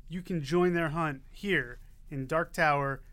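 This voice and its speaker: A man's voice: on the high side, measured pace, pushed and bright. A man co-hosting a podcast, bantering playfully about comics and his day. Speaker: podcast co-host. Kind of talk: casual comics chat.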